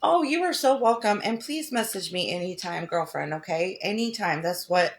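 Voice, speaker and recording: A woman's voice: fairly low pitch, animated, moderate pace, creaky, a little hiss or hum. A middle-aged woman hosts a crafting livestream, chatting affectionately and greeting viewers by name while she demonstrates.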